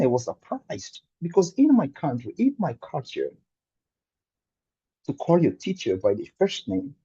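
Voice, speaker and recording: A man in his thirties from Angola, giving a prepared humorous speech as an animated storyteller with dramatic pauses. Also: on the high side, husky, dull audio. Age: 30s. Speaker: club speaker.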